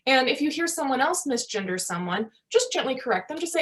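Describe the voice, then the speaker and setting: A woman's voice: sits high, expressive, a little fast, hardly any pauses, fairly bright tone. A woman in her thirties, a family medicine physician giving a conversational teaching talk over a video call, often checking in with "right?". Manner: conversational, frequent tag questions like "right?".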